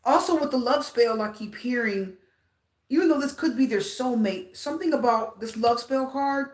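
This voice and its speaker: A woman's voice: a little high, moderate pace, echoey room. A woman giving a casual tarot reading, talking straight to her viewers and repeating phrases for emphasis. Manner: animated, repeats phrases, addresses viewers directly. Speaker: tarot reader.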